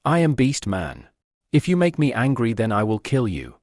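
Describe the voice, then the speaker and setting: A man's voice: medium pitch, wildly swooping pitch, moderate pace, a little mellow, no echo, studio quality. A man voicing a hot-tempered young male beast man who makes blustering threats. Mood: threatening.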